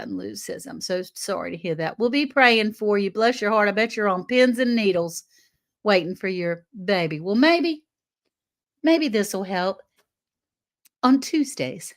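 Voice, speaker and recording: Give me a slow, chatty older woman hosting a live stream and reading to her viewers. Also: mid-range voice. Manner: warm, chatty, greets viewers by name. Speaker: livestream host. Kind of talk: casual livestream chat and reading aloud.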